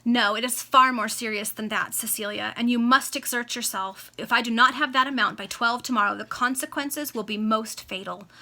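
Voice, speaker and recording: A woman's voice: a little high, fairly even intonation, normal speed, hardly any pauses, bright, forceful tone. A woman reading aloud the part of a desperate, flushed baronet pleading with his wife, in an amateur read-aloud of a classic novel. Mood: urgent pleading. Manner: urgent, pleading. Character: flushed, desperate middle-aged baronet husband.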